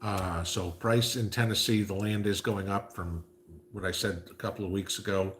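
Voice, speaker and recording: A man's voice: low-pitched, steady tone, moderate pace, a bit bright, slight background noise. A man hosting a casual livestream, reading viewer comments and chatting, with frequent "okay?" asides. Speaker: livestream host reading chat.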